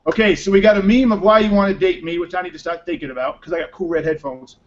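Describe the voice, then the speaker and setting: A man's voice: sits high, fairly even intonation, fast, slight background noise. A man hosting a podcast in upbeat, joking, rambling casual chat, on muffled lo-fi audio. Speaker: podcast host.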